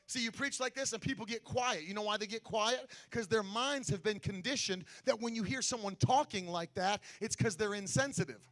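A middle-aged man preaching a sermon, swinging from shouted, sing-song lines to quiet, close talk. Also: high voice, lively intonation, moderate pace. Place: church sanctuary.

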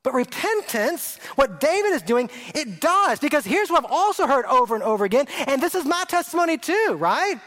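A middle-aged man preaching a sermon as a pastor, earnest and emphatic, repeating phrases and dropping his voice low for effect. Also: sing-song, a little fast, hardly any pauses, fairly bright tone.

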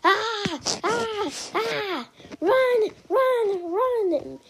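A woman voicing a scared boy who pleads and yells in a high voice. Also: sing-song, slow pace, full character voice. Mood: panicked. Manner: high-pitched pleading and yelling. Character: scared boy, panicky and loud.

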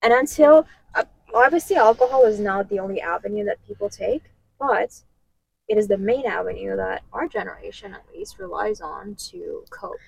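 A woman's voice: mid-range voice, normal speed, vocal fry, husky, rough recording. A woman co-hosting a podcast in casual chat, earnest and explaining at length. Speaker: podcast co-host.

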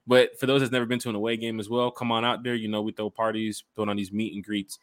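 A man's voice: fairly low pitch, flat delivery, fast, dry recording, clean studio sound. A man hosting a casual fan podcast, hyped and slangy, talking straight to his listeners. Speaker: podcast host. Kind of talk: casual chat.

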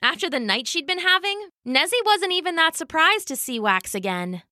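A woman storyteller reading a children's adventure story in an expressive, animated way. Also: very high voice, normal speed, no room sound, clean studio sound. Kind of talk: scripted children's story narration.

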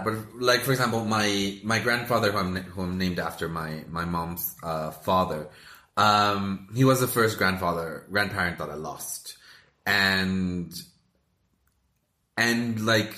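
A man in casual chat, rambling with many halting restarts. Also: deep voice, pushed and bright. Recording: echoey room.

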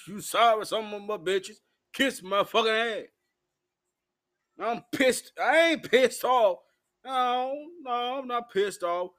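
A drunk man with a high voice rambles through a profane, combative rant. His speech is loose and hiccuping as he vents straight at the camera. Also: fairly bright tone. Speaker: vlogger. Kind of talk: drunken ranting monologue.

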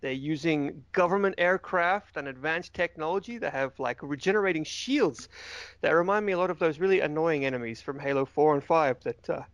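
Man, podcast host, slightly high voice, jokey and excitable; dull, dry sound. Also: fairly quick, no echo. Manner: jokey, excitable, laughs often. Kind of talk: casual gaming podcast chat.

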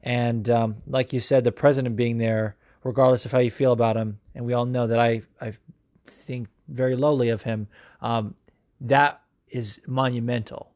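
A man's voice: mid-range voice, level tone, normal speed, darkish tone, no room sound, clean studio sound. A young man hosting a podcast, chatting casually and answering listener messages, rambling and cursing as he goes. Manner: rambling and profane, swings from mumbling to hyped. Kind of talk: casual chat.

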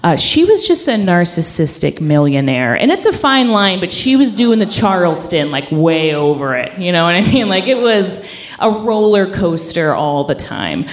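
A woman's voice: on the low side, big pitch swings, normal speed. A woman telling a personal story on stage at a coffeehouse show, in a chatty way full of "like" fillers.

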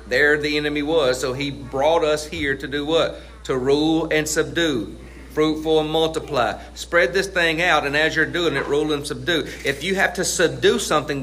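A middle-aged male pastor preaching with a bright, forceful voice that sits a little high for a man. He is emphatic, firing questions at the congregation and answering them, and he slows right down on key phrases. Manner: stretches key phrases slowly for weight. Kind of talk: sermon.

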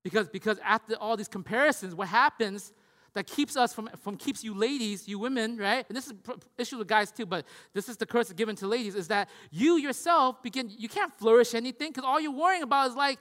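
A man's voice: extremely high pitch, brisk, a bit bright. A man preaching a sermon in a conversational way. He keeps asking "right?" and acts out the voices of the people he describes. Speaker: pastor. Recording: long hall reverb.

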